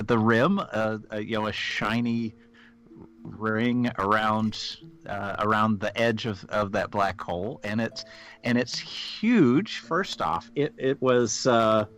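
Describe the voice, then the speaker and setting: A man co-hosting a casual podcast, easygoing and halting as he explains things. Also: on the low side, steady tone. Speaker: podcast co-host.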